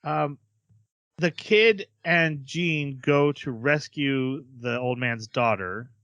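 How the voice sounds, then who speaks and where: A man's voice: medium pitch, slow, a bit bright, no room sound. A man hosting a podcast, casually recapping an episode in a chatty way with many fillers. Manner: chatty, hesitant with fillers, acts out quotes. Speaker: podcast host.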